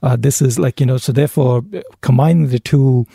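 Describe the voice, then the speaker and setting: A man's voice: mid-range voice, steady tone, brisk, gravelly, dark tone, breathy edge, no room sound, clean studio sound. A man co-hosting a casual finance podcast, hesitant and rambling with plenty of fillers. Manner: hesitant, many fillers and restarts, laughs easily. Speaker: co-host and analyst.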